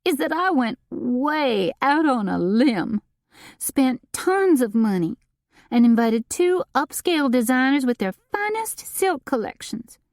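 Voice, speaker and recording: A woman's voice: sits high, big pitch swings, unhurried, no room sound, clean studio sound, pitched above the performer's own voice. A woman reading an audiobook and voicing a panicky, self-dramatizing society woman who wails and pleads. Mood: frantic pleading. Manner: wailing, pleading, melodramatic.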